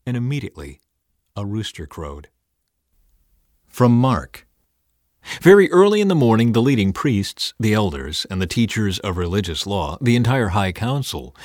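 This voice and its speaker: A man reads scripture aloud with expressive, dramatic phrasing. His pitch rises and falls widely as he narrates. The sound is dry and close, with no room echo.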